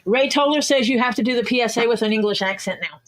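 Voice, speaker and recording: A woman from the southern United States hosting a livestream, bantering and joking in a relaxed way. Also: a little high, quick pace, no room sound. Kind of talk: casual chat.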